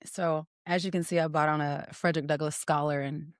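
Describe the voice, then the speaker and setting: A woman hosting a podcast, telling a story in a playful, teasing, animated way. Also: deep voice, brisk, no echo, studio quality. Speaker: podcast host. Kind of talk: casual conversational storytelling.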